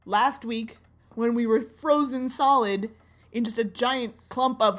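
A woman's voice: on the high side, a little slow. A woman co-hosting in character with sarcastic, complaining comedic banter. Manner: wears glasses. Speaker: co-host.

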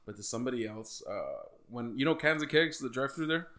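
A man's voice: mid-range voice, lively intonation, quick pace, fairly bright tone. A man, co-hosting a casual podcast chat and telling stories full of swearing and laughter. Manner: profane, laughing storyteller. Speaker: podcast co-host.

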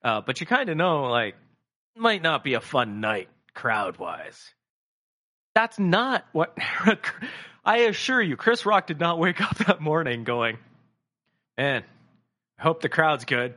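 A man talks casually in a comedy chat, rambling from point to point. His voice is bright and forward, and his pitch jumps around animatedly. He swears freely and slips into little acted-out voices. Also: sing-song, slow pace. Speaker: podcast co-host.

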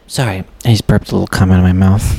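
A man voicing a polite little talking penis gentleman, a fussy sort who keeps apologizing. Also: fairly low pitch, a little hiss or hum, exaggerated voice. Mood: flustered. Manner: apologetic, prim, keeps saying sorry.

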